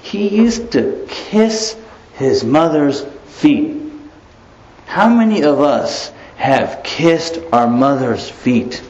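A man giving an animated religious lecture, often asking rhetorical questions and chuckling, in a roomy, slightly dull recording. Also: a little high, very slow. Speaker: Islamic preacher.

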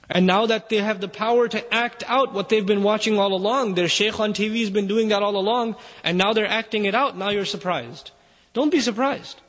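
A man with a high voice preaches with urgent emphasis, pressing his listeners. His sermon rings out with the long reverb of a hall.

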